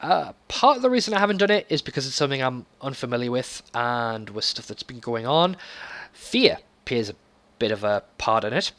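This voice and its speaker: A man hosting his gaming channel, talking candidly in a casual vlog with many ums and pauses, a slight echo on his voice. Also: sing-song. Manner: candid, low-key. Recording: slight echo from recording software.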